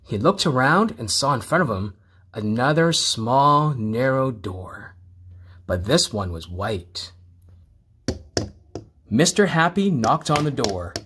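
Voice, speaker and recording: A man reading a children's storybook aloud, expressive and playful with repeated words. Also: medium pitch, takes it slowly, long pauses, slightly rough.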